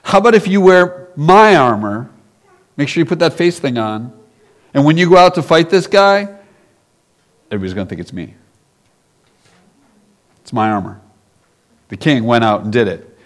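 A man playing a sly, cowardly king who tries to talk someone else into fighting for him, in a wheedling, hurried way. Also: on the high side, sing-song. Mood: scheming.

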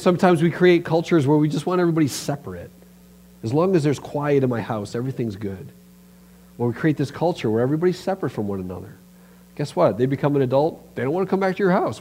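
Emphatic, somewhat high-voiced male pastor. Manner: animated, emphatic preaching with direct address. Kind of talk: sermon. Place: church.

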